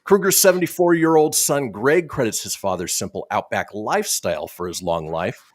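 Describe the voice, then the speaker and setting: A man's voice: fairly low pitch, moderate pace, dry recording, studio quality. A man hosting a radio talk show, reading odd news stories and joking along the way. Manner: lively, reads the news with jokes worked in.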